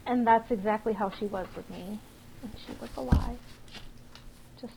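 A woman co-hosting a podcast, chatting casually and telling rapid, animated stories full of swearing. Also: on the high side, creaky, background noise. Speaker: podcast co-host. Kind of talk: casual chat.

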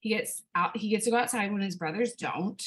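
A young woman from California, chatting casually and telling an animated story, swearing and laughing often. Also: mid-range voice, brisk, low-quality recording. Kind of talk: casual chat.

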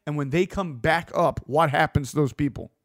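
A man delivering a blunt, opinionated monologue as a host, swearing freely and getting animated. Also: a little high, normal speed, dry recording, studio quality.

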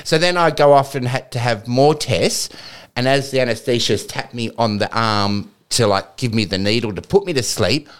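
A man's voice: medium pitch, moderate pace, clear, resonant tone. A man co-hosting a casual podcast chat, telling stories animatedly and swearing freely. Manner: animated, profane storyteller who slips into excited mock-quoting. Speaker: podcast co-host.

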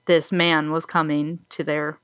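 A woman's voice: low-pitched, flat delivery, unhurried, fairly bright tone, smooth, dry recording, studio quality. A woman co-hosting a podcast, chatting and telling stories casually, with lots of filler words and easy laughter. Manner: chatty, many likes and restarts, laughs easily. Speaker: podcast co-host. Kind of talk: casual chat, storytelling.

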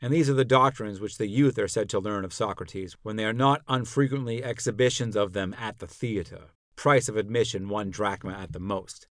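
A man's voice: lowish voice, moderate pace, hardly any pauses, dry recording, studio quality, close to an everyday voice. A man reading as an old philosopher cross-examining his accuser. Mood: probing, indignant. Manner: rhetorical, questioning, pointed. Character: elderly male philosopher on trial, probing and ironic. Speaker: podcast narrator. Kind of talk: dramatic reading of a classical dialogue.

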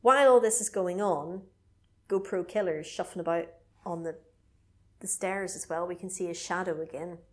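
A woman recapping a film in casual chat, animated, often acting out characters' lines in silly voices. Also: fairly low pitch, moderate pace. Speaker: podcast co-host recapping a film.

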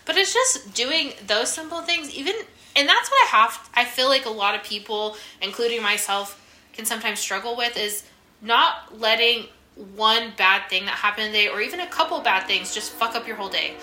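A woman's voice: on the high side, normal speed, pushed and bright. A woman in her thirties co-hosting a podcast, chatty and swearing casually. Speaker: podcast co-host.

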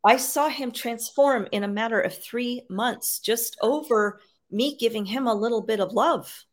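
A woman's voice: a little high, measured pace. A woman guest, an animal communicator and medium, telling stories in a rambling, casual way with frequent fillers. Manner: rambling, filler-heavy, frequent "you know". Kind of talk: casual storytelling interview.

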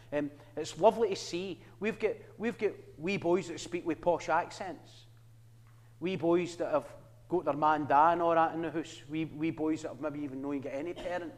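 A man with a Glaswegian Scottish accent, his voice fairly high for a man, presents to a church audience. He talks with earnest, preacher-like conviction and drops in dry jokes. His words ring with the long reverb of a hall. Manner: earnest preaching with wry asides. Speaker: Christian ministry worker.

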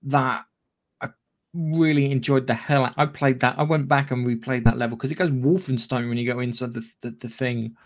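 A man's voice: mid-range voice, fairly even intonation, moderate pace. A man co-hosting a casual gaming news podcast, chatty and rambling, with casual swearing. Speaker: podcast co-host.

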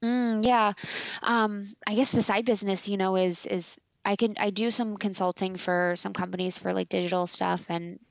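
A woman's voice: mid-range voice, steady tone, moderate pace, creaky, no echo. A woman in her late twenties, a blogger and podcaster, talking casually and emphatically as an interview guest, with many fillers. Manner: chatty, frequent "like" and "you know" fillers, emphatic. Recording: dry, slightly dull lo-fi sound.

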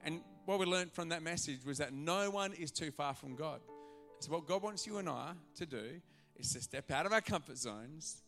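An animated male preacher delivers a sermon to his church, slipping into little voices as he tells his stories. His voice sits a touch high and sounds bright and forceful. A soft bed of music plays faintly behind him. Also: normal speed, hardly any pauses. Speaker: pastor. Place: church auditorium.

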